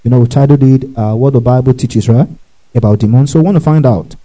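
Male preacher, very dark mellow tone, mid pitch, teaching sermon, keeps checking in with listeners. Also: quick pace, low-quality recording. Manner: checks in often with "okay?" and "right?"; spells out words letter by letter.

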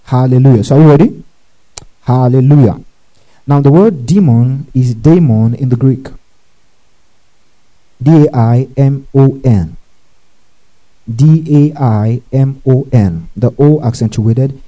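A man's voice: medium pitch, takes it slowly, long pauses, dark tone, rough recording. A man preaching a teaching sermon who checks in often with his listeners and spells out words letter by letter. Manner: checks in often with "okay?" and "right?".

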